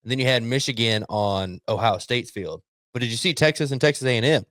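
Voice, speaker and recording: A man in casual sports talk as a podcast co-host, blunt and quick to swear, at a middle pitch for a man. The sound is close and dry, with no room echo behind him. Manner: blunt, profane, acts out coaches' yelling.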